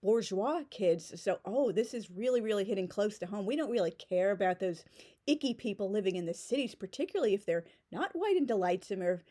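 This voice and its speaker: Sarcastic woman with a mellow voice. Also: mid-range voice, expressive, a little fast. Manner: sarcastic, mocking. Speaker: book reviewer. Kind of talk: casual spoken book review.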